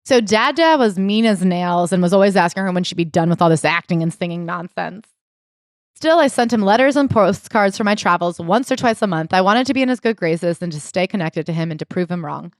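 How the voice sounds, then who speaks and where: A woman co-hosting a casual book club podcast, animated and jokey, sometimes reading passages aloud. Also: fairly low pitch, a little fast, no echo, clean studio sound. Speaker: podcast co-host.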